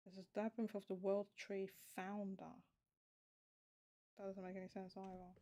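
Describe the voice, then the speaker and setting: A woman with a gravelly, creaky edge to her mid-pitched voice talks loosely on a home stream. She thinks aloud, trailing off and restarting as she works something out at her desk. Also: level tone, normal speed, mellow. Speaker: show host. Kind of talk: casual livestream chat.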